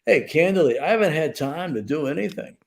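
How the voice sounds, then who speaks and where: Gravelly older man chatting easily. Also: on the high side, animated, a little fast. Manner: easygoing and conversational. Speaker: co-host. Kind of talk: casual chat.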